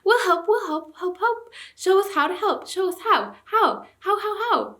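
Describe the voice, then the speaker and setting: A woman's voice: very high-pitched, a little slow, voice pushed up, exaggerated voice. A woman doing a pack of joyful talking dogs. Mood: overjoyed. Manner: excited and overlapping. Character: eager bounding talking dogs, big and joyful.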